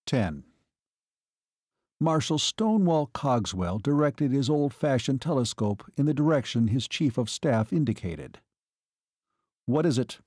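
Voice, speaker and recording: A man narrating an audiobook in a measured, steady reading voice. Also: mid-range voice, slightly rough, no room sound, studio quality. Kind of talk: scripted narration.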